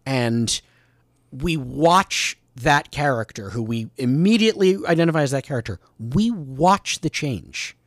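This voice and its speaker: A man's voice: medium pitch, animated, a little slow, dry recording, studio quality. A man, a podcast guest, giving emphatic, opinionated takes in casual movie chat.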